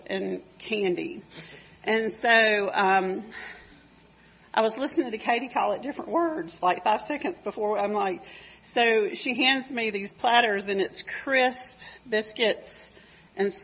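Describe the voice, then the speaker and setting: In a dull-sounding recording, a Georgia-accented woman with a mid-range, slightly rough voice talks a little slowly. She's sharing a heartfelt, meandering testimony about a mission trip during a church service, filling it with chatty fillers.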